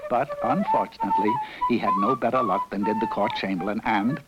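A man reads a children's story aloud with a wildly animated, sing-song melody. His pitch sits in a plain middle range, but it leaps and dips from phrase to phrase. Loud music plays underneath the reading. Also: brisk, lo-fi sound. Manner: lively, playful.

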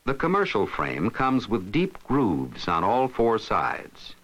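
A man giving scripted narration for an instructional film, explaining steps in a steady, instructive way. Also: lowish voice, slow pace, poor audio.

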